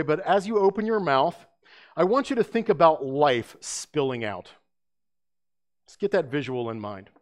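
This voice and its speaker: A middle-aged man preaching a sermon, conversational and storytelling, full of rhetorical questions. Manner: hushed and low during prayer. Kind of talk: sermon with opening prayer.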